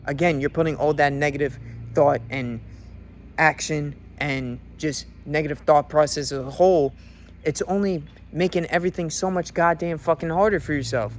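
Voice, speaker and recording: A man's voice: a little high, slight background noise. Brash, profane young man ranting. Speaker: fitness coach. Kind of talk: motivational rant. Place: in a car.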